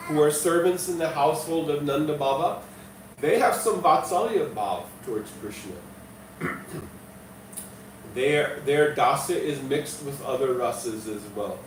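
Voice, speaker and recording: A man giving a devotional lecture as a spiritual teacher, explaining slowly and measuredly and chanting verses. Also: on the high side, a little hiss or hum. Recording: distant mic in echoey hall, faint ambience.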